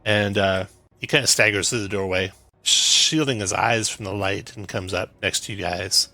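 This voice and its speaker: Casting: male game master, lowish gravelly voice with a bright edge, brisk narration. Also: dry recording.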